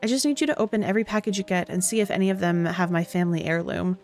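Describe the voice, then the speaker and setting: A woman's voice: fairly low pitch, very fast, a little mellow, faint music behind, close to an everyday voice. A woman voicing a scraggly old woman who coaxes and wheedles with folksy endearments in a game. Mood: sly coaxing. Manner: sly, coaxing, folksy endearments.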